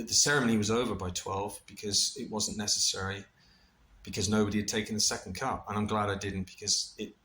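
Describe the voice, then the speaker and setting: A middle-aged man casually recounting a personal experience, animated and full of restarts, with laughter and the odd swear. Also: on the low side, a little hiss or hum. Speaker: vlogger recounting a ceremony experience.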